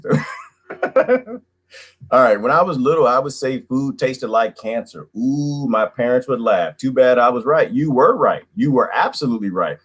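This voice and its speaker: Animated man ranting on a livestream. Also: mid-range voice, slightly rough. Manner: animated, jumps between topics, laughs often, greets viewers. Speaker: livestream host. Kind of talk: casual livestream rant.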